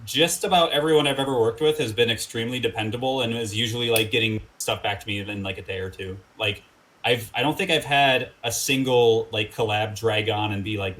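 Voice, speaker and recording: Bright-voiced man chatting casually. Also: medium pitch, a little fast, rough recording. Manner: rambling, filler-heavy, animated when quoting people. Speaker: guest musician. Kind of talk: casual interview chat.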